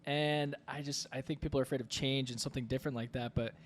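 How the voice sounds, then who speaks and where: A man co-hosting a podcast, chatting casually in a relaxed, slightly hesitant way. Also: medium pitch, fast. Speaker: podcast co-host.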